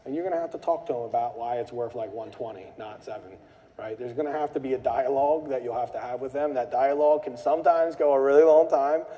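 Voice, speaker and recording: Fast-talking man with a mellow voice in a reverberant hall. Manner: animated storyteller, acts out angry callers in a high voice. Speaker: meetup host. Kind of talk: casual talk to a live group.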